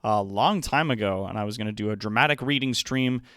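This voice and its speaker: A man's voice: fairly low pitch, fairly quick, a bit bright, dry recording. A man chatting casually to his viewers as host of a live stream, upbeat and rambling with plenty of fillers, on a close desk microphone.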